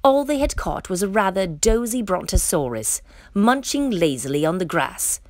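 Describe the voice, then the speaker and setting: Expressive woman reading a kids' story. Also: mid-range voice, normal speed, no room sound. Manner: expressive, playful. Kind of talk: children's story read-aloud.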